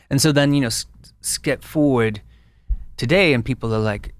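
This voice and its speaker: A man guest and brand founder in a casual interview, an animated storyteller with frequent restarts. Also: mid-range voice, normal speed, dry recording.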